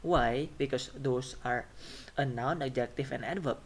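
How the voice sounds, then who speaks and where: A man's voice: mid-range voice, breathy edge. Man teaching pronunciation. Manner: repeats example words slowly, checks with "right?". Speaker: phonetics teacher. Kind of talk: classroom lecture.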